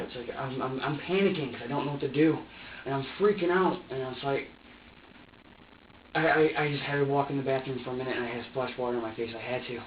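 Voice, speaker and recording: Caught on a distant security camera mic in an interrogation room, a young male suspect gives a statement to police in an agitated, profane rush, stammering and repeating himself. His mid-range voice moves quickly with fairly even intonation. The footage is roomy, distant, dull and lo-fi, with slight background noise.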